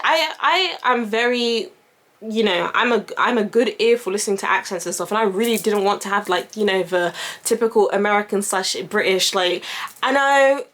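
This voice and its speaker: A woman's voice: mid-range voice, a bit bright. A young woman whose first language is French, rambling through a casual story, swearing freely and acting out the voices of the people she quotes. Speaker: vlogger.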